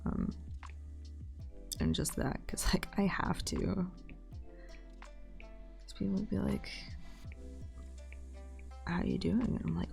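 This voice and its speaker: A young woman streamer chatting casually while she draws, sarcastic and slangy, swearing freely and slipping into soft whispery asides. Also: fairly low pitch, huge pitch swings, unhurried, creaky, long pauses, soft background music. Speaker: live streamer.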